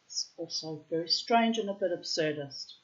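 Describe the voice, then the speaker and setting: A woman's voice: moderate pace, muffled recording. Cheeky giggling woman in her fifties. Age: 50s. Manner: laughs often, bursts into squealing high exclamations; cheeky and self-mocking, swears freely. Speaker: vlogger. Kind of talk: rambling casual monologue.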